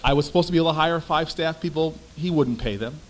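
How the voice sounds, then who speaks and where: A young man, a former city councilman, giving a storytelling speech with emphatic, animated delivery. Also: fairly high pitch, fast talker, slight background noise, rough recording.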